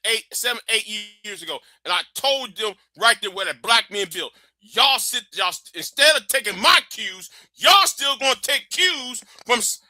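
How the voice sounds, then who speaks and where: A man hosting a live stream in a high, sharp, piercing voice. He rants with heated, profane fire and often breaks into shouts. The sound is close and dry, with no room echo. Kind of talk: ranting live stream monologue. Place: warm indoor room with a fan.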